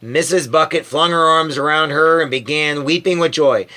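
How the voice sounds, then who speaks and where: A man reading a storybook aloud as a parent, in lively storytelling narration. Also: a little high, normal speed.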